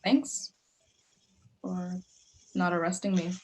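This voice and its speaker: A woman's voice: on the low side, steady tone, takes it slowly. A woman playing a defiant young woman grieving her mother, blunt and guarded, read over a video call. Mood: softening. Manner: guarded, blunt, sharp-tongued. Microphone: video call mic.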